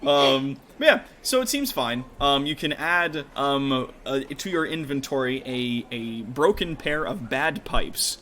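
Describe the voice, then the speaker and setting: Rambling, lively man running a tabletop game. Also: mid-range voice, slow, hardly any pauses, a little hiss or hum. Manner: casual and rambling, full of fillers. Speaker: game master.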